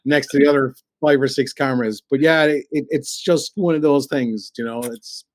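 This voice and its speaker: A radio presenter from Ireland, with a Cork accent, is a guest on a casual podcast, telling stories in a chatty, wandering manner full of "you know." He speaks at normal speed in a mid-range voice, with no room sound.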